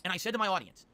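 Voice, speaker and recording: A man's voice: sits high, creaky, sharp tone. A man ranting bluntly and profanely on a stream, dismissive of what he is talking about. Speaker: streamer in a played clip.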